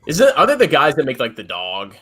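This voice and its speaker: A man's voice: mid-range voice, huge pitch swings, fast, sharp tone, slightly rough. A man co-hosting a casual livestream chat, blunt and sarcastic.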